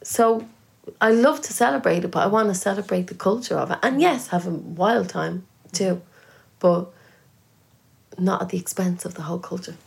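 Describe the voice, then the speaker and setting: A woman's voice: on the low side, normal speed, creaky, darkish tone. An Irish woman, a guest musician, talking earnestly and thinking aloud with small restarts in a casual interview. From Ireland.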